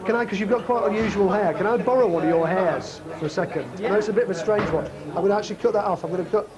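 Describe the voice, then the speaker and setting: A man's voice: high voice, very fast, dull audio, a crowd in the background. A man hosting a comedy magic show, talking to camera and to passers-by in cheeky, chatty, joking street patter outdoors.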